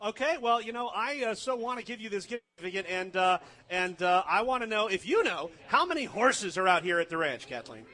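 A man's voice: high voice, lively intonation, brisk, few pauses, bright, forceful tone. A man hosting a live radio food show from a ranch, gushing enthusiastically about the dishes. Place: live remote broadcast from a ranch saloon.

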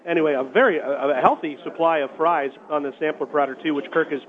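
A high-pitched man hosting a live radio show from a restaurant, gushing over the food and joking with his guests. He talks up prizes for listeners in an excited, playful way. The sound is thin and phone-like. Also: quick pace. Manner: jokey, effusive, hypes prizes. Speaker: radio host. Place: restaurant, live remote broadcast. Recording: phone-like narrow band.

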